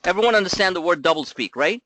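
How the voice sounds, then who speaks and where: A trading coach runs a live market commentary webinar in a high, lively, fast voice with a bright, forceful tone and a slight hiss or hum. He's blunt and emphatic, firing off rhetorical questions and swearing casually.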